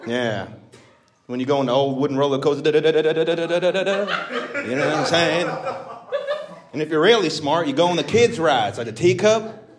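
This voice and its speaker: A man's voice: fairly high pitch, animated, brisk, long pauses, close to an everyday voice. A male comedian voicing a crude, rambling Texas redneck character on stage. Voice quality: crude, drawling, self-mocking patter. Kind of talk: stand-up character bit.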